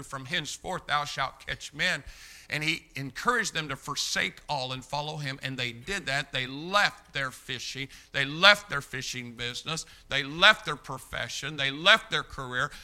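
An emphatic male preacher with a very bright, sharp tone and a slightly high pitch. He reads scripture in old biblical wording, then preaches with loud bursts that drop back to quiet lows. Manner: emphatic, rising to loud bursts and dropping low. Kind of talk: sermon with scripture reading and prayer.

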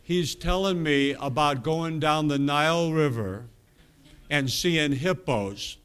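A man's voice: on the high side, takes it slowly, a bit bright, clear, resonant tone. A middle-aged man preaching, telling a rambling, folksy anecdote with self-amused laughs. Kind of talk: storytelling sermon.

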